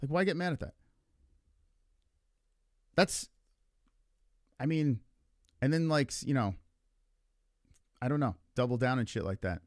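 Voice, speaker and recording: Animated, rambling male streamer. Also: mid-range voice, measured pace, long pauses, no echo, clean studio sound. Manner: profane, rambling, heavy on filler words. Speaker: livestream host. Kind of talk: casual argumentative stream chat.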